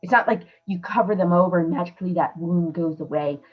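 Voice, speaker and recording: A woman's voice: fairly low pitch, fairly quick. Lady podcast host chatting earnestly, kinda muffled lo-fi sound. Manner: earnest, emphatic, conversational. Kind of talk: casual coaching talk.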